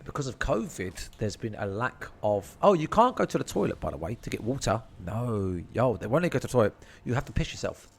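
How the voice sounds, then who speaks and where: A man's voice: mid-range voice, big pitch swings, fairly quick, creaky, few pauses, husky. A man telling a rambling, slang-filled story and swearing freely. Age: 30s. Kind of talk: casual storytelling.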